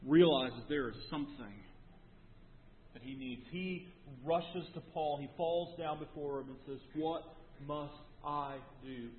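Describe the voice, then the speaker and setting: A male pastor preaching a sermon, swinging from emphatic near-shouts down to hushed, intimate tones. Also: on the high side, measured pace, breathy edge. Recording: phone-like sound with long hall reverb.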